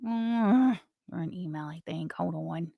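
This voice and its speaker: A woman's voice: lowish voice, unhurried, creaky, no room sound, dull audio. A woman hosting a casual livestream, chatting and reading messages with sarcastic asides. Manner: chatty, sarcastic, talks to chat while doing other things. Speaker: livestream host.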